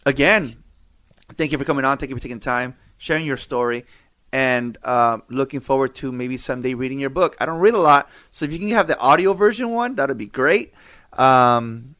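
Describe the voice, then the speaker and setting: A man's voice: mid-range voice, brisk, fairly bright tone. A man hosting a podcast in casual chat, easygoing and informal, laughing along with his guest. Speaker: podcast host.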